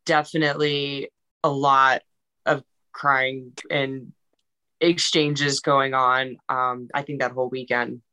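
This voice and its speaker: Female podcast guest, bright tone, chatty storyteller. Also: a bass voice, level tone, slow, clear, resonant tone. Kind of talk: casual storytelling chat.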